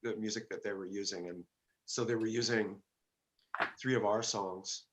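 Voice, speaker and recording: Halting, low-voiced older man. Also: fairly even intonation, noisy background. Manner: halting, many fillers and restarts. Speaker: guest musician. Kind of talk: casual interview talk.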